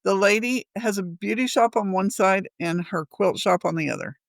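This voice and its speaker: Chatty, gravelly woman. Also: mid-range voice, normal speed, no echo. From Missouri. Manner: chatty, rambling, laughs often. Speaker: podcast co-host. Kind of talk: casual storytelling chat.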